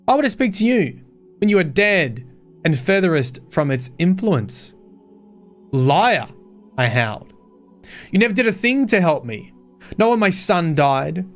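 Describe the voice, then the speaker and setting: A bitter wolf-man snarls his accusations, as a man reads him aloud with rising fury. The voice sits fairly high and pushes fast and heated. Soft music murmurs faintly underneath. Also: sing-song. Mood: furious.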